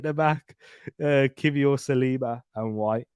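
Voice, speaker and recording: A young man hosts a live football watchalong, chatting, bantering and laughing often through casual match commentary. His voice sits on the low side and moves at a moderate pace. The studio sound is clean, with no room sound.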